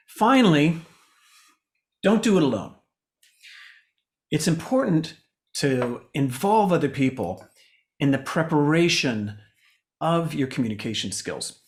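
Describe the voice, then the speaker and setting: Guy coaching on a video call, kinda higher voice, super animated, pitch all over the place. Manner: animated, swings pitch widely for emphasis. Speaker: communication coach presenting to a meetup. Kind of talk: online presentation talk.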